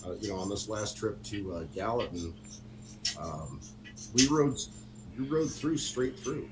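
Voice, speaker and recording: A man's voice: on the low side, expressive, a little slow, very noisy. Rambling, laughing middle-aged man. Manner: rambling, laughs often, many fillers. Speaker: guest on a motorcycle talk stream. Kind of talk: casual storytelling chat.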